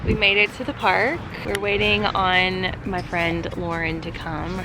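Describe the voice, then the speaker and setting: A woman's voice: lowish voice, steady tone, a little slow, over music. A woman in her thirties with a Southern American accent, vlogging in a casual, chatty way and laughing at herself often. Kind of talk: casual vlog chat.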